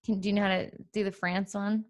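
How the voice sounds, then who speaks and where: A woman hosting a podcast in a casual chat. She talks playfully, laughs often and thinks out loud. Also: medium pitch, little pitch movement, quick pace. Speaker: podcast host.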